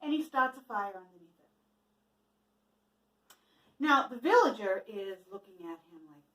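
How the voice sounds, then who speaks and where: A woman tells a folk tale to a church audience, cooking along as she goes and asking listeners questions. Her voice is high and very animated. The sound is roomy and heard from some distance. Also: unhurried, long pauses. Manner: lively, asks the listeners questions. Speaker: storyteller for a church children's message. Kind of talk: casual storytelling with a cooking demo. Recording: echoey room from a distance.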